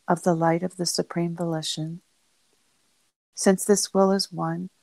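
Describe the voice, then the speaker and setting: A woman giving a solemn devotional reading, phrased in short, measured pieces. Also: on the low side, darkish tone, dry recording, low-quality recording. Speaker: reader of devotional texts.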